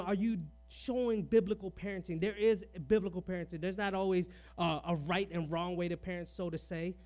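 In a high-pitched voice with a darkish tone, a man preaches about parenting. He fires off rhetorical questions, drops "all right" between points, and shares personal stories earnestly and conversationally.

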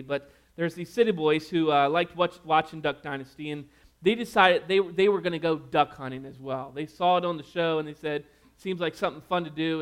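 Folksy preacher with a higher voice. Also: male voice. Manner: folksy storytelling, drops to a hush for prayer. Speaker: pastor. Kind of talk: conversational sermon.

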